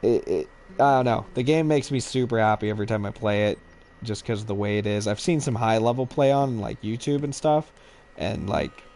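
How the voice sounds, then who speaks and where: A man co-hosting a casual gaming chat, swearing freely, excitable and laughing often. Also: on the low side, a little fast, a little hiss or hum. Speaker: co-host.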